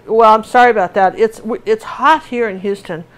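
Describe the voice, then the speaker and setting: A woman's voice: a little high, normal speed. A middle-aged woman teaching painting in a casual, rambling, chatty way with many fillers and restarts. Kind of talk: casual tutorial chat while painting.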